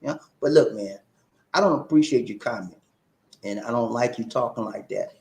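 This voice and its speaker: A man hosting a live-stream talk show, reading viewer comments and calling out shout-outs in an animated, preacher-like way. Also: medium pitch, normal speed, vocal fry, reverberant.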